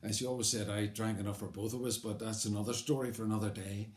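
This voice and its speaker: A man's voice: lowish voice, steady tone, fast talker. An older man with a Belfast accent, telling his own life story in a conversational, wry way, rambling a little with fillers. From Belfast, Northern Ireland. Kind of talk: personal life story told aloud. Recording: roomy echo.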